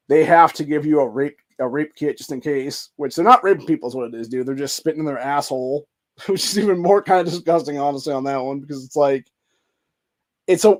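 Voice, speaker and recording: A man hosting a podcast, rambling in casual commentary with lots of swearing and filler phrases. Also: a little high. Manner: rambling and profane, full of fillers. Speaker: podcast host.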